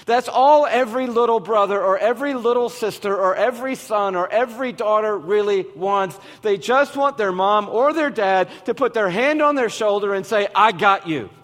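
A man preaching a sermon as a pastor, slow and emphatic with dramatic pauses. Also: sits high. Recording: long hall reverb.

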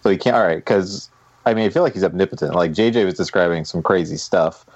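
Low-voiced man judging a debate. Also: fast, dry recording, muffled recording. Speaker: podcast judge. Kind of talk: casual podcast talk.

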